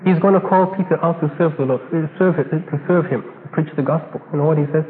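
High-voiced preacher in an echoey hall. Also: male voice, fast. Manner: animated, acts out dialogue, rhetorical questions. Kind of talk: sermon. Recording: tinny echoey hall recording, faint hiss.

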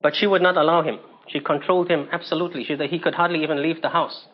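High-voiced husky male preacher. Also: fairly even intonation, racing, lo-fi sound. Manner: emphatic storytelling with rhetorical questions. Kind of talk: sermon.

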